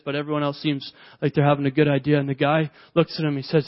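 Guy preaching a sermon, kinda high voice, earnest storytelling, dull lo-fi sound. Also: monotone, fast, hardly any pauses. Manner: earnest storytelling with repeated phrases. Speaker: pastor.

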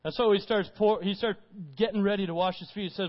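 A man's voice: sits high, fairly even intonation, quick pace. A man preaching a conversational sermon, retelling scripture informally in his own words. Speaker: pastor. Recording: dull recording with long hall reverb.

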